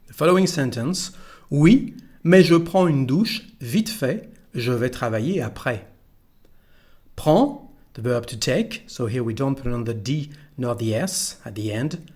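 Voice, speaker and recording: A man's voice: mid-range voice, expressive, darkish tone. French-accented man teaching pronunciation. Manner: slow, careful, repeats each phrase for the learner. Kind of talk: pronunciation lesson.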